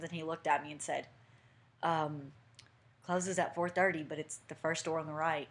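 A woman's voice: on the low side, normal speed. A young woman co-hosting a podcast, telling a story in casual chat and acting out what people said. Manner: animated storyteller, acting out quotes. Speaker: podcast co-host.

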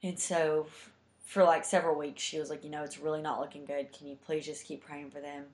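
A woman's voice: low-pitched, level tone, brisk, roomy sound. A young woman telling a heartfelt personal story in a chatty way, full of fillers. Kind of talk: casual storytelling.

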